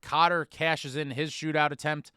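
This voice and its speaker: A man hosting a hockey fan podcast, recapping a game with animated storytelling. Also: fairly high pitch, normal speed, clean tone, no room sound, studio quality. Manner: animated storytelling, bursts into shouted chants when reliving moments.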